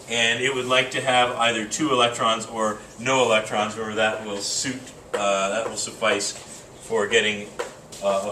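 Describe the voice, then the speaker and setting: A man's voice: medium pitch, sharp tone, a little hiss or hum. A man teaching chemistry to a class, casual and joking, thinking aloud with fillers. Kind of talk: classroom lecture. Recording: roomy classroom from a distance.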